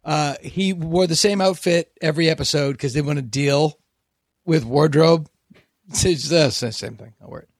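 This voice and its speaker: A man telling lively anecdotes in a casual podcast chat. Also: on the high side, moderate pace, dry recording, studio quality. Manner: animated anecdote-teller.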